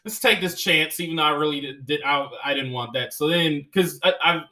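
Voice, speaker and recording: A man hosting a podcast who tells loose, profane stories and laughs along with them. His voice sits a little higher than most men's, with a bright, forceful tone. His delivery is casual and animated throughout. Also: fairly quick. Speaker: comedian and podcast host. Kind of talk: casual storytelling chat.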